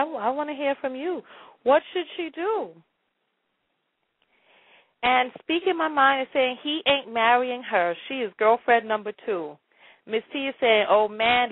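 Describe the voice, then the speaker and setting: A woman's voice: fairly high pitch, dry recording. Stammering, laughing woman on a tinny line. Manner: laughs often, stammering repeats, dramatic exclamations. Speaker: radio advice show host. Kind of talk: live call-in advice show.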